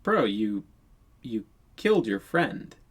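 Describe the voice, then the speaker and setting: A man's voice: on the low side, very animated, slow, slightly rough. A man telling a storytime tale in a casual monologue, exasperated and profane, rambling with many restarts.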